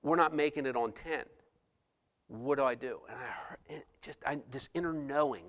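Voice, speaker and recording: In a church's large hall, a middle-aged pastor tells his congregation a personal story as a sermon testimony, with frequent restarts and quoted dialogue. His voice is on the high side and expressive, at a normal speed.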